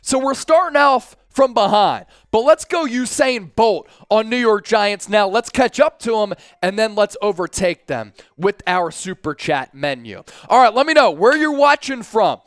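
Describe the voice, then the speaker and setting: A man's voice: sits high, measured pace, few pauses, no echo. A man in his thirties hosting a live sports stream from a studio, reading out viewers' chat messages with lots of energy. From Philadelphia area, USA. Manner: energetic, hyped, chanting with the chat.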